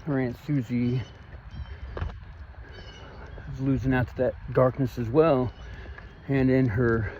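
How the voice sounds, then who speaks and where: A man's voice: mid-range voice, little pitch movement, normal speed, a little mellow, lo-fi sound, slight background noise. A man with a Missouri twang venting in a rambling, aggrieved vlog monologue. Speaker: vlogger.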